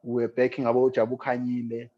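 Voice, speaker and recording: A man's voice: mid-range voice, completely flat delivery, fast talker. South African man with a dull, lo-fi sound. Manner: reflective, earnest storyteller. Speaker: guest musician. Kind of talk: storytelling in an interview.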